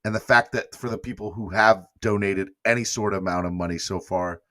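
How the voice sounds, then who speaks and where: A man's voice: fairly low pitch, steady tone, brisk, bright, forceful tone, dry recording, studio quality. A man hosting a live fan morning show, talking emotionally and rambling as he thanks viewers and reads their comments aloud. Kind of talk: casual live-stream chat.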